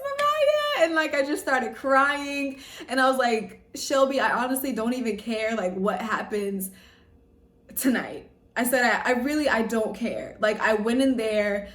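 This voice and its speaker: A young woman recounts a personal story to her viewers, effusive and emotional, peppering every phrase with "like". Her voice sits at a middle pitch. The recording sounds roomy, with the mic set back from her. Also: far from the mic. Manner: emotional, effusive, heavy use of "like". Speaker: vlogger. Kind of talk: casual storytelling to camera.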